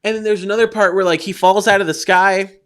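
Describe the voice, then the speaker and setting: Casting: high-voiced male co-host, loose rambling storyteller, curses a lot, casual podcast chat. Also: steady tone, quick pace, a bit bright, clean tone. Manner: rambling storyteller, acts out quotes, swears freely. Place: Texas.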